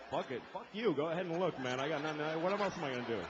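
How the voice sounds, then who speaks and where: A man in his thirties doing a stand-up comedy set, profane and exasperated, acting out characters in quick asides. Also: on the high side, muffled recording, a crowd in the background, background noise. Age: 30s.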